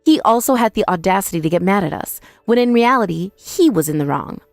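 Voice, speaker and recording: A woman's voice: mid-range voice, animated, fairly quick, gravelly, no echo, soft background music. A woman narrating a dramatized first-person story in a confrontational, scolding way.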